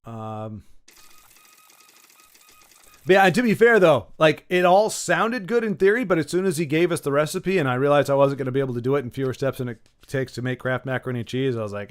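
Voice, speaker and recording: Expressive and fairly quick, this man has a mid-range voice. Hosting a gaming channel, he plays a card game with casual, joking commentary, muttering to himself between remarks to viewers.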